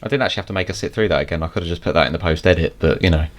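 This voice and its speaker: A man's voice: low voice, rapid-fire, soft background music. A British man hosting a podcast, chatting casually and rambling through slang explanations with plenty of fillers. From United Kingdom. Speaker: podcast host. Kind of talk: casual chat.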